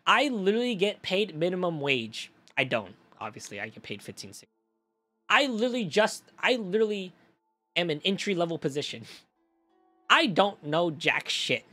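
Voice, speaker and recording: Animated young man ranting casually. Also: sits high, moderate pace, soft background music. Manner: animated storytelling, swears freely, talks to chat. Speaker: streamer. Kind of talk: casual stream chat.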